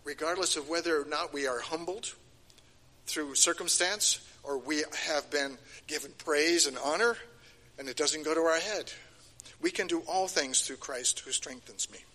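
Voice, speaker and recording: A man's voice: fairly high pitch, normal speed, sharp tone. An older man giving a sermon, emphatic and repeating key phrases, his voice rising and falling. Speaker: preacher. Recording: long hall reverb.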